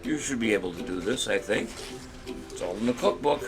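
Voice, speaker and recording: Guy running a trivia show, goofy puns, reads the questions slow, music going behind him. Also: lowish voice, expressive. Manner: jokey, rambling, reads questions slowly. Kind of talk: casual live-stream quiz hosting.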